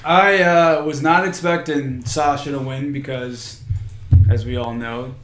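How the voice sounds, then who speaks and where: A man's voice: mid-range voice, steady tone, measured pace. A man co-hosting a podcast in casual chat, with a dry, teasing way of talking. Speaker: podcast co-host. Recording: echoey room, faint noise.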